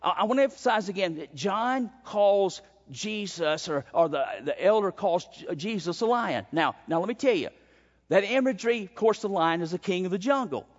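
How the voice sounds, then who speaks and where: Man, pastor, preaching a sermon, high voice, emphatic, church sanctuary, muffled sound. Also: lively intonation, moderate pace. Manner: emphatic preaching with sudden swings in pitch and pace. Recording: dull sound with long hall reverb.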